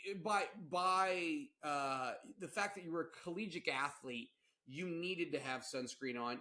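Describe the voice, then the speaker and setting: A young man co-hosting a podcast in casual chat, animated and rambling, often laughing and restarting his sentences. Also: fairly high pitch. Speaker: podcast co-host.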